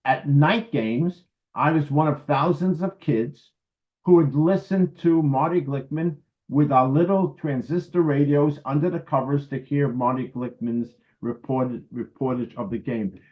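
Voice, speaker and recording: A man's voice: fairly high pitch, measured pace, muffled recording. A man in his seventies from New York City, giving a lecture over a video call in a wry, anecdotal, conversational way. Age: 70s. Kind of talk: storytelling lecture.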